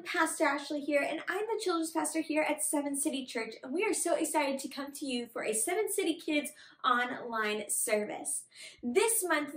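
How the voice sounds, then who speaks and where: A young woman, a children's pastor, telling a Bible story with bubbly enthusiasm in an online kids' service. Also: high voice. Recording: echoey room.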